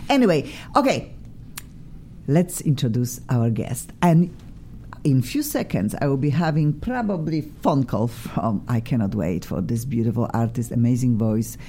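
A woman's voice: expressive, moderate pace, warm tone, a little hiss or hum. Exuberant Polish-accented woman radio host. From Poland. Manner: exuberant and theatrical, swooping pitch. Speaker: radio talk show host. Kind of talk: effusive radio talk show chat. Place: radio studio.

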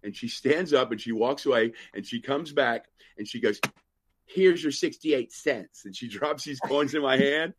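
A man's voice: medium pitch, normal speed, few pauses, slight background noise. A man hosting a live podcast and telling rambling stories, acting out the other people's lines as he goes. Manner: rambling anecdotes with acted-out quotes and asides. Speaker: podcast host. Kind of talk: casual storytelling on a live podcast.

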